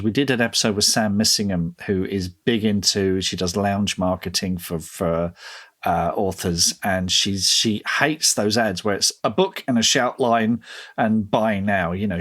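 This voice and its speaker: A man's voice: lowish voice, fairly bright tone. A man co-hosting a podcast, talking enthusiastically in casual chat and often restarting his sentences. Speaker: podcast co-host.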